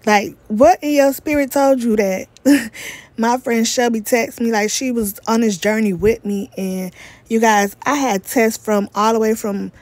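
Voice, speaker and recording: A woman's voice: fairly high pitch, steady tone, a little slow, darkish tone, no echo. A young woman, vlogging an emotional personal testimony with repeated emphasis and talk straight to viewers. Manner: repetitive emphatic phrasing, addresses viewers as y'all.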